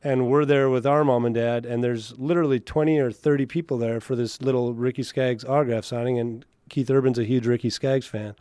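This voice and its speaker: A man's voice: medium pitch, steady tone, fairly quick, hardly any pauses, mellow, clear, resonant tone, dry recording. A man from Canada, a country singer, chatting casually as an interview guest and telling stories. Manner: chatty storyteller, laughs easily.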